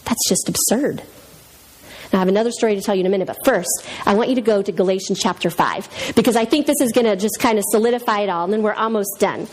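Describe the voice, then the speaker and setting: A woman in her thirties teaching a Bible lesson in a casual, animated way, telling stories and acting out voices. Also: mid-range voice, rapid-fire, few pauses. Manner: animated storyteller, acts out voices.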